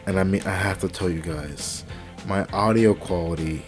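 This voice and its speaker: Hushed low-voiced young man gaming at night. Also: moderate pace, music in the background. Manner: hushed, quiet talking to avoid waking family; rambling, many fillers and restarts. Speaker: let's play gamer. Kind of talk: casual gameplay commentary. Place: home at night. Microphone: cheap desk microphone.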